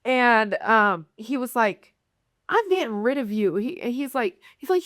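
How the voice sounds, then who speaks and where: In a clean studio recording without echo, a young Nebraskan woman shares a personal story in conversation as a podcast guest. She speaks at a measured pace in a fairly bright, higher voice with lively intonation, acting out quoted voices frankly and filling her speech with many fillers.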